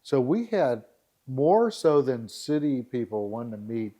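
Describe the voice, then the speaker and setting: A man's voice: medium pitch, big pitch swings, unhurried, warm tone. A man as a podcast guest, chatting casually and telling stories, often laughing. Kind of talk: casual storytelling chat.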